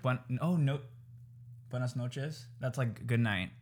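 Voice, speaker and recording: A man's voice: mid-range voice, unhurried, darkish tone. A young man co-hosting a podcast, chatting casually with slang and swearing. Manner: slangy, profane banter. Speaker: podcast co-host. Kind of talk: casual chat.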